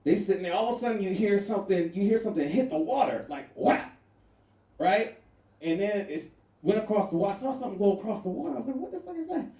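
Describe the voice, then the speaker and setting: A man performing a stand-up comedy set, loud and animated, laughing through his punchlines and jumping to sudden shrieks. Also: high-pitched, fast talker. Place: comedy venue with a live audience. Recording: echoey room from far off with faint noise.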